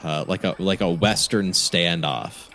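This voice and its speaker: Slow, halting male game master. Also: low-pitched, bright, forceful tone, slight background noise. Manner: halting, many ums. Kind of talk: narrating a tabletop game.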